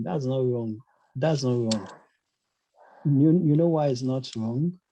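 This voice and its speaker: A man's voice: medium pitch, slow pace, pauses often, darkish tone, low-quality recording. A man teaching a casual online language lesson, hesitant, with many fillers and restarts. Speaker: German teacher.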